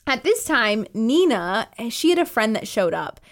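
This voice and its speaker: A woman's voice: a little high, unhurried. A woman co-hosting a podcast, chatting casually about a book and acting out the characters' lines with laughs. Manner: animated, acts out characters' lines, laughs often. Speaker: podcast co-host.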